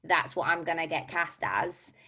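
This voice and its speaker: A woman's voice: deep voice, moderate pace, bright, forceful tone. A young woman with a Glaswegian Scottish accent, chatting candidly about auditions in a casual panel discussion. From Scotland. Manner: candid, chatty, frequent fillers. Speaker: performer sharing audition advice.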